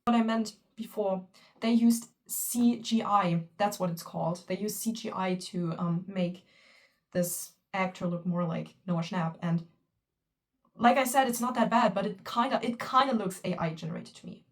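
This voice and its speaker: A young woman giving excited, emotional fan reaction commentary, swearing often and piling on fillers. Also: medium pitch, moderate pace, far from the mic. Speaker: fan vlogger.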